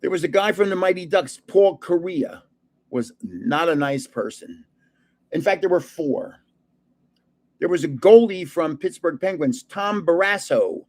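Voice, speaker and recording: A man's voice: a little high, animated, measured pace. An older man, a card channel host, tells rambling celebrity stories in casual chat and laughs often. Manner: chuckling, rambling anecdotes.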